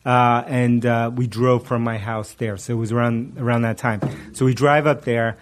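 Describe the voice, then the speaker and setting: A middle-aged man spins a story in relaxed conversation, breaking into laughter often. His telling is animated and loose, full of fillers and restarts. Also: medium pitch, normal speed, a little hiss or hum. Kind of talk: casual storytelling chat.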